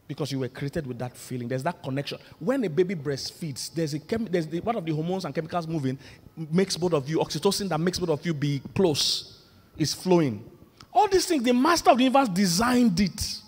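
A male pastor, preaching a lively, humorous sermon that builds to loud emphatic points. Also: on the high side, fairly quick, breathy edge. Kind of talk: sermon on marriage. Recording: long reverb of a large hall.

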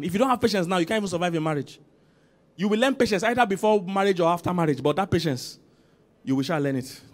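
Delivering a sermon as senior pastor of a church, this man alternates between loud calls and quiet emphasis while inviting the congregation to answer him. His voice sits on the high side.

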